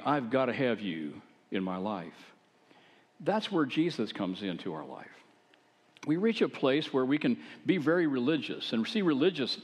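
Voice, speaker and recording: An older man, a pastor, preaching a sermon in a relaxed, conversational storytelling manner with asides. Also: on the low side, big-room sound, lo-fi sound.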